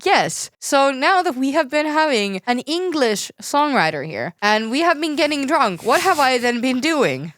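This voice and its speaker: A woman's voice: high voice, sing-song, a little slow, hardly any pauses, fairly bright tone, no echo, clean studio sound. A woman co-hosting a podcast in casual chat, swearing often and laughing as she talks. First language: not Norwegian. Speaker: podcast co-host.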